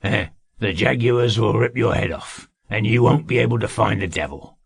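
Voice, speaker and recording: A man voicing a sly, greedy male servant who schemes slowly in a husky, gravelly drawl. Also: on the low side, heavily acted. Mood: scheming.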